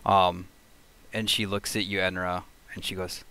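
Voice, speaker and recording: A man narrating as game master of a tabletop game in a casual, halting way, full of fillers. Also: low voice, flat delivery, pushed and bright, clean tone.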